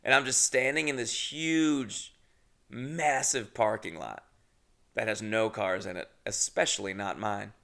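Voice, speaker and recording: A man's voice: on the low side, a little slow, vocal fry, bright, forceful tone. A young adult man hosting a podcast, telling a rambling, comedic story about himself, swearing often and laughing at his own mishaps. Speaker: podcast host.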